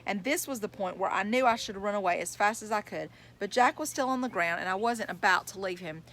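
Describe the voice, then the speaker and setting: A woman's voice: mid-range voice, a little fast, a bit bright. Give me a woman reading a novel aloud in plain first-person storytelling, with a faint hiss underneath. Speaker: reader.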